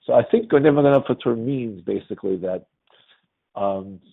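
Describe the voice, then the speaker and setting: A man's voice: mid-range voice, a little fast, gravelly. A man teaching a religious class in a conversational lecture style, often checking with his students by asking "right?". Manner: quizzes the class with frequent "right?". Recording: tinny phone-like audio.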